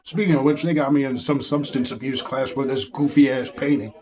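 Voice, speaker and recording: A man telling his life story to the camera in a wry, deadpan way. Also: mid-range voice, fairly quick. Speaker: cook and solo musician. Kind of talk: casual monologue to camera.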